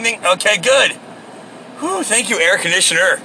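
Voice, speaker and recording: A man's voice: high-pitched, animated, moderate pace, creaky, pushed and bright. A man rambling casually to himself while driving, profane and joking, with road and air-conditioning hum behind him. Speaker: solo show host. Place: inside a car.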